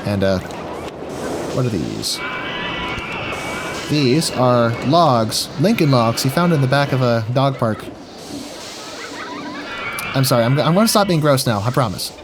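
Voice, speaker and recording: A man's voice: medium pitch, expressive, measured pace, pauses often, background noise. A man giving goofy, jokey gameplay commentary while talking to himself as he plays. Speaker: gaming video host.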